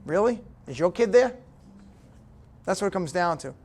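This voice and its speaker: A middle-aged man speaks as the guest speaker at a business breakfast, delivering a motivational talk in a high-pitched voice with lively intonation at a normal speed. He is punchy and direct, checking in with the audience again and again with "okay?"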